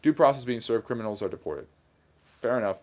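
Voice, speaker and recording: A man's voice: medium pitch, expressive, quick pace, darkish tone. A man hosting a casual livestream, reading viewer comments aloud and answering them in a plainspoken, mildly sarcastic and argumentative way. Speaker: livestream host reading chat.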